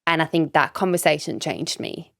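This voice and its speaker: Low-voiced woman, candid and emphatic. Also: normal speed, vocal fry, a bit bright, dry recording, clean studio sound. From Sweden. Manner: candid and emphatic, swears freely, many "like" and "you know" fillers. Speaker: guest, business coach. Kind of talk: casual podcast interview.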